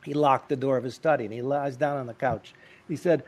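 A man telling lively, comic anecdotes as an interview guest. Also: mid-range voice, a little fast. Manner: lively, animated, comic timing. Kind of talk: anecdotal storytelling.

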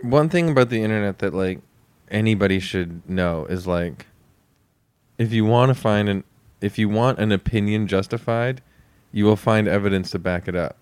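A man's voice: fairly low pitch, normal speed, a little mellow, smooth, no room sound. Rambling laid-back man with a dry close mic. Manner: rambling, swears, laughs often. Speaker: podcast co-host. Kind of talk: casual comedic chat.

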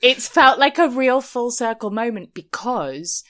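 A woman's voice: on the high side, lively intonation, a little slow, fairly bright tone. A woman co-hosting a podcast, talking casually and chattily about reality television, often breaking into giggles. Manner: giggly, chatty, restarts the intro with laughter. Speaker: podcast co-host.

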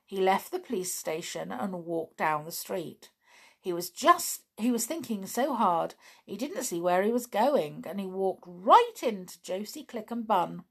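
A woman reads a children's bedtime story aloud, unhurried and gentle. Her pitch rises and falls a great deal, and every line is given expression. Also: slightly rough. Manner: slow, gentle, expressive reading.

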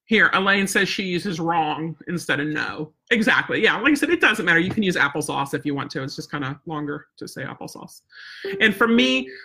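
A woman's voice: lowish voice, bright, forceful tone, breathy edge. A woman dog trainer teaching casually on a live stream, chatty and plain-spoken, often checking in with "right?". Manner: chatty, tags points with "right?" and "okay?"; plain-spoken, firm about follow-through.

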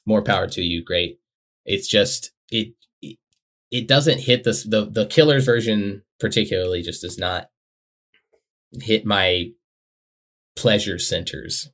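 A man co-hosting a podcast in casual chat, excitable and quick to laugh, swearing casually. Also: on the low side. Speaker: podcast co-host.

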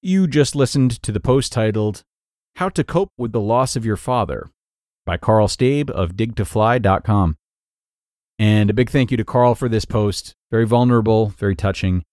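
A man hosting a podcast who reads a blog post aloud in an earnest, measured way, then comments on it. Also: lowish voice, darkish tone, no room sound, studio quality. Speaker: podcast host.

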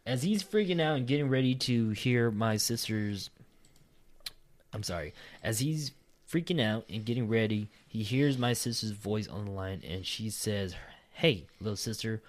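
A man with a fairly low voice talks loosely with a friend, tossing in "dude" and swearing. He laughs a lot and reads a listener's eerie story in a plain, conversational way. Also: lively intonation, normal speed. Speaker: podcast co-host reading a listener story. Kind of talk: casual chat and story reading.

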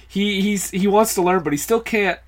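A man co-hosting a casual film podcast. His voice sits a little high for a man. He talks in a chatty, joking way and often trips over and restarts his sentences. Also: normal speed. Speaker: podcast co-host.

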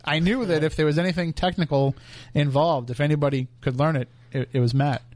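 Fast-talking guy hosting a radio show, higher voice, dry studio sound, laughs a lot. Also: steady tone, darkish tone, no room sound. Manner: chatty, laughs often, quick asides. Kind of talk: casual on-air banter. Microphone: studio microphone.

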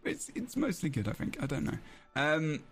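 Man, podcast host, casual chat, rambling, self-correcting, slightly high pitch. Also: wildly swooping pitch, normal speed.

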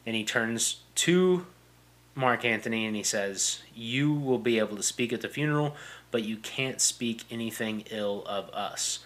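A man's voice: mid-range voice, a little slow, fairly bright tone. A young adult man casually retelling and explaining a classic play as a podcast host, paraphrasing quotes with frequent fillers and restarts.

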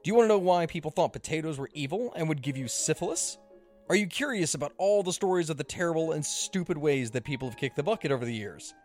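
A man's voice: fairly high pitch, lively intonation, fast, soft background music. A man hosting a history podcast, reading an upbeat scripted promo.

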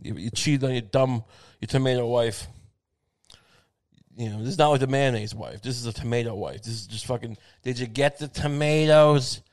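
Male host, irreverent rambling monologue, profane, stumbling restarts, mid-pitched voice, quick jokey asides. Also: darkish tone. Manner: acts out quoted voices in bits. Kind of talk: crude comedic monologue.

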